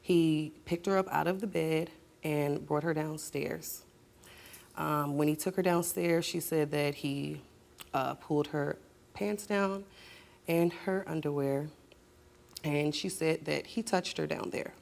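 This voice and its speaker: A woman's voice: low voice, steady tone, slow pace, vocal fry, darkish tone. A young adult woman on a talk show, recounting a painful family story in a blunt, heated way. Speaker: guest. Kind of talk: emotional talk show testimony.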